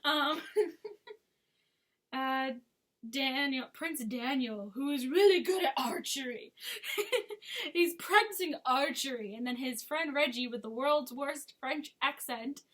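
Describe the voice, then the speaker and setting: A woman's voice: high-pitched, slow, a bit bright. A woman chatting casually as a movie reviewer, with frequent giggles and sarcastic asides. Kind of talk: casual chat.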